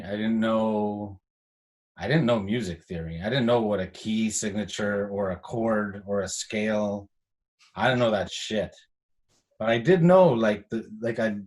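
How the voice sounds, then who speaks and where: Male host, fairly low voice, loose rambling storyteller. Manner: rambling, animated storyteller with many "like" fillers. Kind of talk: casual chat.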